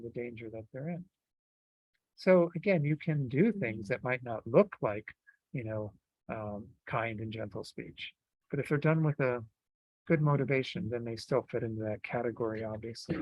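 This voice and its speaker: A man giving a Buddhist teaching in a relaxed, conversational way, with frequent fillers and restarts. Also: medium pitch, no echo, lo-fi sound. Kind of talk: dharma talk.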